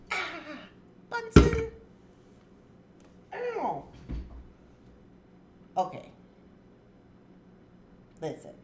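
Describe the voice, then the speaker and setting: A woman's voice: mid-range voice, a little hiss or hum. A woman hosting a casual jewelry-making livestream from her home craft space, chatty and playful, laughing often. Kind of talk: casual chat.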